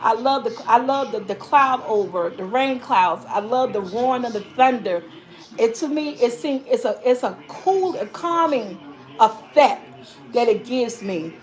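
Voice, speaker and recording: A woman with a high voice hosts a relaxed live chat with her viewers. She rambles and repeats words and phrases as she goes, and calls out to her audience as y'all. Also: measured pace. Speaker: vlogger host. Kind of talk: casual live-stream chat reading viewer comments.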